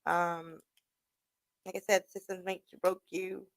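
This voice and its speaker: A woman's voice: fairly low pitch, a little slow, dry recording. A young woman hosting a radio show, casually telling a story with a lot of swearing and laughter. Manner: profane, laughing, animated retelling.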